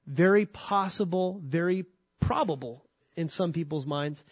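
A man's voice: on the high side, a little slow, no echo, highs cut off. A man teaching a sermon on scripture, conversational with dry humor and frequent restarts. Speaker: pastor.

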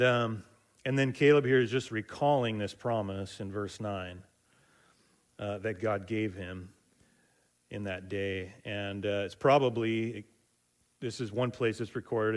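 A man teaching a Bible study in a relaxed, conversational way, retelling passages with asides and small fillers. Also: on the low side.

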